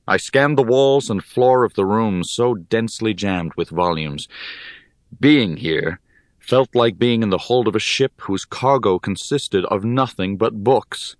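A man narrating a first-person fantasy audiobook in a calm, measured storytelling manner. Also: sits low, dry recording, studio quality.

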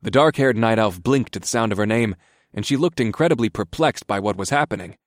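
A man's voice: on the low side, a little fast, no room sound. Dry, matter-of-fact male storyteller. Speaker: narrator. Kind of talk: first-person story narration.

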